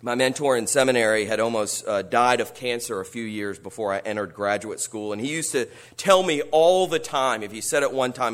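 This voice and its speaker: A man preaching a sermon, earnest, moving between quiet reflection and rising, emphatic appeals. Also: mid-range voice. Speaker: pastor.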